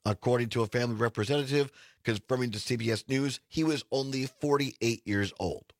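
A male radio talk show host with a hoarse, raspy voice, talking in a casual, halting way with frequent restarts. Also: medium pitch, no echo, clean studio sound.

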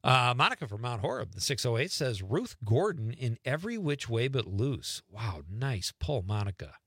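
Animated radio host man, dry studio sound. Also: moderate pace, slightly rough, dry recording. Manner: animated, chuckling, swings between playful asides and low murmurs. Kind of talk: casual call-in radio chat, reading listener texts. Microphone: studio radio mic.

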